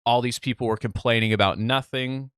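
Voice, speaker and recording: A young man from the Midwest tells a rambling story on a casual podcast, cursing freely and acting out every line he quotes. His voice is smooth and resonant at a middle pitch. The sound is close and dry, with no room behind it. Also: brisk, no echo. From Midwest United States. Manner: animated storyteller, swears, acts out quotes. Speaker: podcast co-host.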